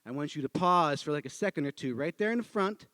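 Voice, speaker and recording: A man voicing a calm, insistent male skit director who gives hushed, slow, deliberate instructions. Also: fairly high pitch, no room sound, voice pushed down. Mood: coaching.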